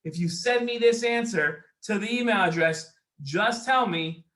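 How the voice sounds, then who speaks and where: A man hosting a children's show, giving quiz instructions slowly and deliberately to young viewers. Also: high-pitched, a bit bright. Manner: slow, deliberate, talks straight to young viewers. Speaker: kids' show host. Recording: roomy echo.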